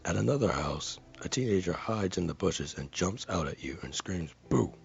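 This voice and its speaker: A man's voice: sits low, expressive, normal speed, creaky, lo-fi sound. A man earnestly reading a viewer comment aloud, carefully and with dramatic stresses.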